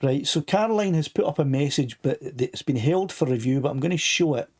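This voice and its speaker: Older Scottish host with a touch of throat trouble; rambling, chatty, reading out comments. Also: male voice, fairly high pitch, animated, a little fast, a little mellow. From Scotland. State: a bit of a sore throat. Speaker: live stream host. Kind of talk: casual live stream chat.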